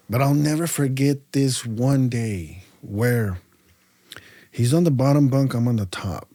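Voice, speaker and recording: A man's voice: medium pitch, unhurried, no room sound. A man from California's Central Valley, a podcast guest telling his story in a casual, slangy way, acting out the dialogue with plenty of fillers. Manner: animated storyteller who acts out dialogue, slangy, many fillers.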